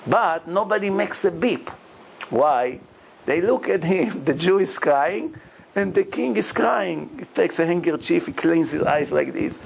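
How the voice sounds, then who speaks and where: A rabbi with a slightly high, creaky voice tells sermon stories at a measured pace, with poor audio and slight background noise. Animated throughout, he plays the people in his stories and laughs often.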